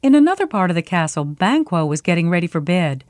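A woman's voice: lowish voice, quick pace, no echo, clean studio sound. Woman reading a storybook aloud. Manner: clear, steady reading. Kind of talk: storybook narration.

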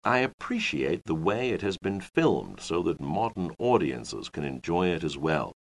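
A man's voice: low-pitched, sing-song, creaky, full character voice. A man playing a reflective old playwright. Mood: reminiscing. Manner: measured, reflective first-person reminiscing. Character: older male Elizabethan playwright looking back. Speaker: playwright persona in a listening exercise. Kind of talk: scripted listening exercise, repeated lines.

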